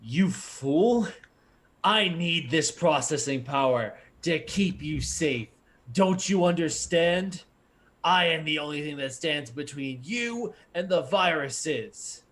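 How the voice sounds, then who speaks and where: A man voicing a booming, domineering computer program that scornfully hoards power in a tabletop game. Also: lively intonation, takes it slowly. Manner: loud, scornful proclamations.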